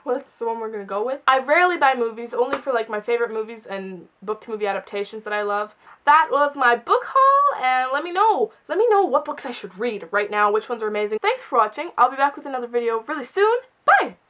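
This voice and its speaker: Young woman, higher-pitched, bubbly, casual chat to camera, indoors. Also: fast talker. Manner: bubbly and excitable, lots of "like". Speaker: book vlogger.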